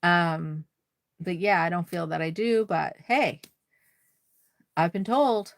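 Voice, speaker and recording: A woman's voice: on the low side, takes it slowly, vocal fry, no room sound. A woman with a Nova Scotian accent hosting a casual craft livestream, chatting with viewers and laughing often. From Nova Scotia, Canada. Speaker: doll-crafting livestream host. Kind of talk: casual livestream chat, reading viewer comments.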